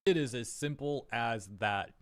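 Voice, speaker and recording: A man's voice: medium pitch, measured pace, fairly bright tone, clean tone, no echo, studio quality. A man doing online commentary, reading news headlines aloud with wry, mocking asides.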